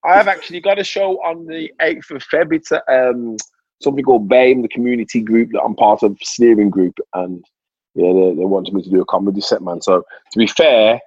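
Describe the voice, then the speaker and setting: A man's voice: medium pitch, a little fast, darkish tone, husky, dry recording. A man talking casually on a podcast as a comedian, rambling and repeating his words. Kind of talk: casual chat. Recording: dull lo-fi sound.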